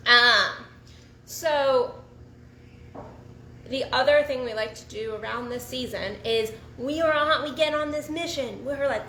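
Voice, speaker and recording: High bright-voiced woman coach. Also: moderate pace, roomy sound, slight background noise. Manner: frank and profane, animated, restarts often. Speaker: sex and relationship coach. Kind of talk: casual solo talk to camera.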